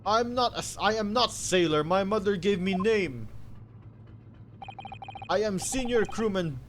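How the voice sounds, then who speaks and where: A streamer voicing a boastful male Russian ship crewman, loud and stern in broken English, with a put-on Russian accent. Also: high-pitched, lively intonation, a little slow, slight background noise, voice pushed up.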